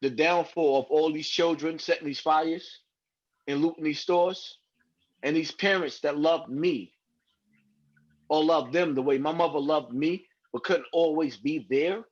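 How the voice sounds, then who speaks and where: Husky man on a muffled call. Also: on the high side, unhurried. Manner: earnest, rambling. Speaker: guest. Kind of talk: live-stream call-in talk.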